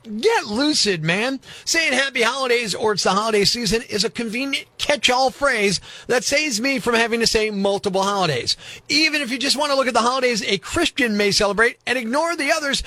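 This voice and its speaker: Man, radio host, comedic rant, sarcastic, very high voice, dry close sound. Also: animated, fairly quick, pushed and bright, no echo. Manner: sarcastic, exasperated ranting.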